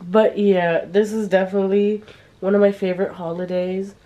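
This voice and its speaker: A young woman chats casually at home to a camera she holds at arm's length. She talks in a confiding, filler-heavy way. Her voice sits at an ordinary middle pitch. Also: flat delivery, moderate pace, dark tone. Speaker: vlogger. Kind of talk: casual vlog chat to camera. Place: at home indoors. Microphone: handheld camera at arm's length.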